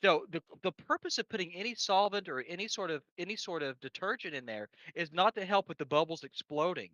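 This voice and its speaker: A man's voice: high-pitched, expressive, fairly quick, sharp tone, no room sound. A man explaining electronics cleaning in casual chat, rambling with frequent restarts and crude jokes, on a dull lo-fi recording. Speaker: electronics repair guest. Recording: dry, dull lo-fi sound.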